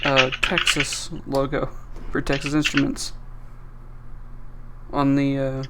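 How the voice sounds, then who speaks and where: A man's voice: medium pitch, completely flat delivery, takes it slowly. Laid-back man streamer over hiss. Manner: laid-back, swears casually, thinks aloud. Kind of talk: casual chat while working on a device.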